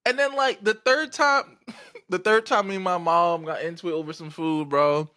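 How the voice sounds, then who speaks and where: A man in his twenties telling a story in casual podcast chat, animated and profane as he acts out the people he quotes. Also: sits high, normal speed. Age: 20s. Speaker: podcast co-host.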